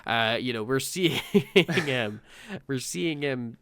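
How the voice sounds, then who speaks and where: A man co-hosting a podcast, chatting casually in a relaxed way, dropping swear words and lots of fillers. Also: medium pitch, takes it slowly. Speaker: podcast co-host. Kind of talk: casual review chat.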